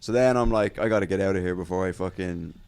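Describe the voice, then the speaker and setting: A man telling a lively stand-up story in casual podcast chat, acting out crowd voices and swearing freely. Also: sits low, fast, slight background noise.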